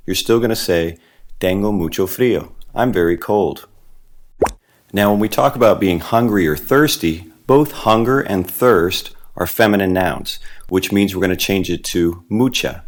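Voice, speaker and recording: Man, very low voice, teacher narrating a scripted lesson, patient step-by-step explanations. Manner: patient, explains step by step, slows down on the Spanish words. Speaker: Spanish teacher.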